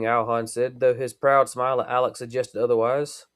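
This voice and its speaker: A man's voice: mid-range voice, level tone, moderate pace, fairly bright tone, smooth. Man reading his novel aloud.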